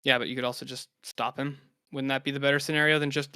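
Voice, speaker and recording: A man's voice: medium pitch, flat delivery, fast talker, sharp tone, clear, resonant tone, no echo, clean studio sound. A man on a streamed panel, arguing his points in casual debate and often restarting his sentences. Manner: hesitant, restarts before making his point. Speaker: panel guest.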